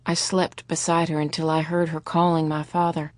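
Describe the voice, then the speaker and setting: A woman narrating a novel in first person, calm and measured, in a studio. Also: low-pitched, dry recording. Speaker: audiobook narrator. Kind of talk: scripted narration.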